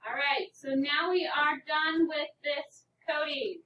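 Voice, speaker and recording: High-voiced woman teacher in an echoey classroom. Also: fairly even intonation, slow, sharp tone, distant mic. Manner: patient, questioning, addresses children. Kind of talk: classroom phonics lesson. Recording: echoey classroom, voice from off-mic, faint noise.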